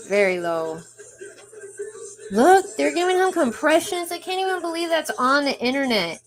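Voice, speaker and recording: A woman's voice: sits high, very animated, moderate pace, faint music behind. A young woman live streaming, chatting casually to her viewers as she reacts to videos.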